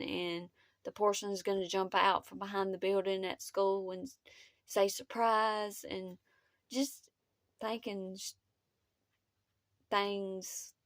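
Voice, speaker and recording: Gravelly-voiced woman telling a story. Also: medium pitch, dry recording. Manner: halting, emotional, with many pauses. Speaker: vlogger. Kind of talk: personal storytelling.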